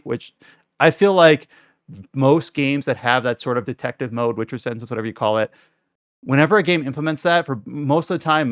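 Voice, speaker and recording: A man's voice: mid-range voice, no room sound. Chatty man giving a game review. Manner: rambling, lots of "like" fillers and restarts. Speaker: podcast co-host reviewing games. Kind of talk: casual review chat.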